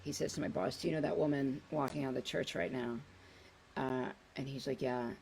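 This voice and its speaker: A woman's voice: a bass voice, fairly even intonation, a little fast, gravelly, a little mellow, a little hiss or hum, low-quality recording. A woman in her forties, a podcast guest, telling blunt, chatty, self-deprecating stories. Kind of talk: casual comedic storytelling.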